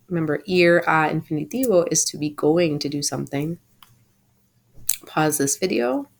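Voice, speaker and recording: A woman teacher giving a recorded lesson from home, explaining patiently and saying example phrases slowly and clearly. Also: fairly low pitch. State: home sick. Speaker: Spanish teacher.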